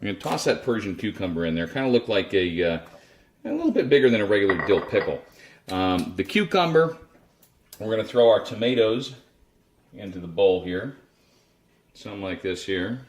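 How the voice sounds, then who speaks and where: A man's voice: on the low side, sing-song, normal speed, long pauses, a little hiss or hum. A man casually chatting his way through a home cooking demo in his kitchen, rambling and self-deprecating. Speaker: cooking video host.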